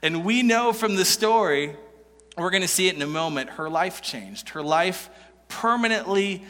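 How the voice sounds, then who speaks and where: A man's voice: sits high, lively intonation, normal speed, fairly bright tone. A man preaching a sermon in a conversational way, reading scripture aloud and laughing often. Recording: long hall reverb.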